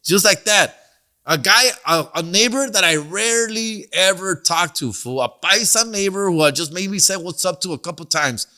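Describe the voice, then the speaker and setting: A middle-aged man tells a story on his podcast, cursing freely and dropping slang and Spanish phrases. His voice sits a little high for a man and sounds bright and forceful. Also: lively intonation, normal speed. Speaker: podcast host and comedian. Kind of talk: casual storytelling monologue.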